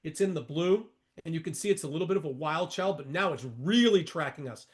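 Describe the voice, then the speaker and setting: A man's voice: on the high side, fairly quick. A man in his sixties giving a trading lesson while walking through charts, emphatic and repetitive, with folksy asides to his viewers. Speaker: market educator.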